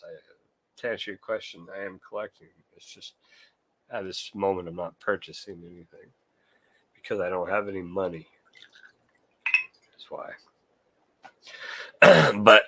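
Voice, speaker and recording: A man talks loosely in a casual late-night livestream, joking with his chat, swearing freely and calling viewers by name. His voice sits a little low but comes across bright and forceful. The sound is dry and close, with almost no room around it. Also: no echo. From California. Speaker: livestream host, collector.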